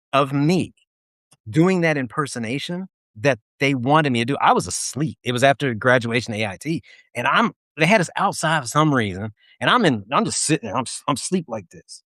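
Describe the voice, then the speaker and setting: A man with a somewhat high, very lively voice tells an animated, profane army story between laughs. The sound is close and dry, with no room around him. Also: dry recording. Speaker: podcast co-host. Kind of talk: casual storytelling chat.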